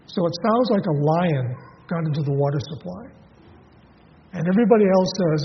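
A man's voice: fairly high pitch, expressive, moderate pace, long pauses, a little hiss or hum. A man preaching a sermon in a conversational way, asking his listeners questions and often restarting with fillers. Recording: dull audio in a reverberant hall.

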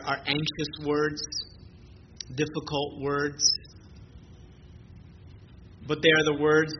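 A man with a high voice preaches a sermon with passion, hammering home repeated phrases. The recording is dull and muffled. A steady noise sits clearly under his words. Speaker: pastor.

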